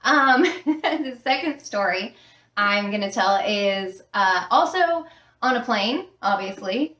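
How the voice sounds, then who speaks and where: A woman with a mid-range voice, a little bright, tells stories slowly and expressively, sitting far from the mic. She's a former flight attendant chatting casually at home in a room with a fish tank, her talk full of fillers, and the mic picks up a roomy sound.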